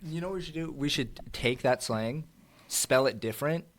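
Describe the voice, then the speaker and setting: A man's voice: mid-range voice, normal speed, a little hiss or hum. Brief: male podcast guest, easygoing, musing, heavy filler words. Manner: easygoing, musing, says "like" and "you know" a lot. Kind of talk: casual chat.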